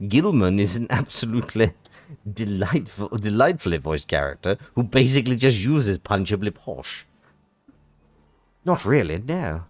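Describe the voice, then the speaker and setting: A man's voice: lowish voice, very animated, moderate pace, dry recording. Wry man streaming a game. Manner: chatty, self-interrupting, wry. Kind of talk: casual live-stream commentary and reading. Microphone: close desk microphone.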